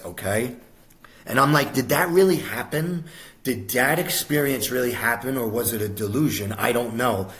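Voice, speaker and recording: A middle-aged American man with a lowish voice guests on a podcast, telling a personal story in an animated, streetwise style. He keeps calling the host "bro" and "my brother."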